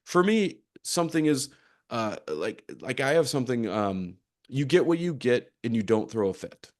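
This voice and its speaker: A man coaching on performance psychology, speaking to a conference audience in an animated storytelling manner. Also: mid-range voice, normal speed. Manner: animated storytelling with acted-out quotes. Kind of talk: conference session talk.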